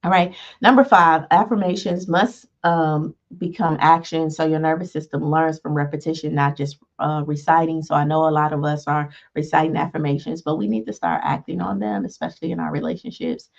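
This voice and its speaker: Woman, low gravelly voice, casual teaching talk, keeps asking "right?"; dull lo-fi recording. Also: fairly even intonation, brisk, few pauses. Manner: frequent "right?" check-ins, acts out quoted exchanges. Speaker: teacher of a self-help lesson series. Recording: dull lo-fi sound.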